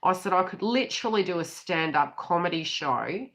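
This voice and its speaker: With birdsong in the background, a middle-aged Australian woman reads tarot as a psychic in a relaxed, giggly, foul-mouthed, chatty way. She has a lowish, animated voice at normal speed with a slightly bright quality.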